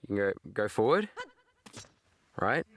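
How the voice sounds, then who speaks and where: A man's voice: lowish voice, big pitch swings, a little slow, background noise. An Australian man in his thirties chatting casually while streaming a game, swearing and answering his chat. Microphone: webcam. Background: video game music.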